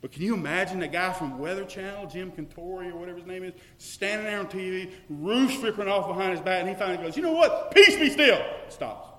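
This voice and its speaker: A man preaching a sermon, swinging from loud declarations to hushed, searching questions. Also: sits high, fairly even intonation, fast talker, few pauses. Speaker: pastor. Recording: echoey hall with long reverb.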